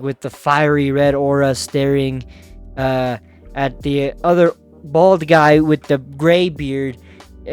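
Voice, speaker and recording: A man's voice: on the high side, clear, resonant tone. A man giving a casual, profane comic recap of a comic, full of fillers and laughter. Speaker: manhwa recap host.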